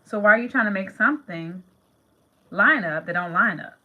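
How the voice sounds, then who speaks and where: A woman's voice: mid-range voice, expressive, moderate pace, narrow, tinny audio. A middle-aged woman hosting a manifestation channel, talking casually and emphatically to viewers, repeating phrases and calling them "you guys". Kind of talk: casual talk to camera.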